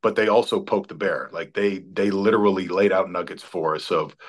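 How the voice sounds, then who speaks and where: A man's voice: low-pitched, a little fast. A man in his forties, a former college football player, telling rambling, profane stories with frequent restarts in casual sports talk. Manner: rambling storyteller, stumbles and restarts, swears freely.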